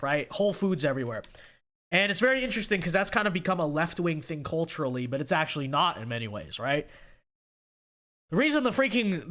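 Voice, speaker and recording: A man's voice: high voice, a bit bright. A young man from California hosting a casual livestream, reading viewer chat and answering it in an emphatic way, often tagging "okay?" onto his points.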